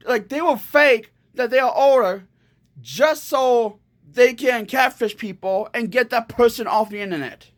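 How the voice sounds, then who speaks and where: A woman ranting angrily to camera in a vlog, swearing often and stumbling over restarts. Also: on the high side. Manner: angry, profane, halting with restarts. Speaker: vlogger.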